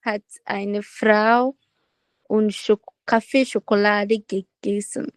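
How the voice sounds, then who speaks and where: Slow, hesitant female language student. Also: medium pitch, little pitch movement, no room sound, poor audio. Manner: hesitant, slowly piecing sentences together. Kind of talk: answering in a language class.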